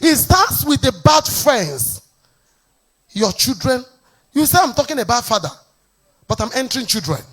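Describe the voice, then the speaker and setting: A Nigerian woman pastor preaching a fervent sermon, slipping into sing-song phrases and shouted emphasis. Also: a little high, big pitch swings, normal speed, long pauses, slightly rough.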